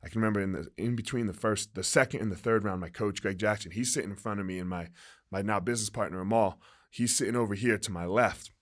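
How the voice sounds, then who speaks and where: A man's voice: lowish voice, quick pace, fairly bright tone. A man in his forties, a former fighter and gym owner, telling stories candidly and emphatically in an interview, swearing freely and often asking "right?". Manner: profane, emphatic, frequent "right?" and "like".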